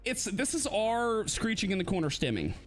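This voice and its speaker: A man co-hosting a live-streamed podcast, talking casually and laughing often, with quick swings into mocking put-on voices. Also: high-pitched, big pitch swings, soft background music. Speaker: podcast co-host.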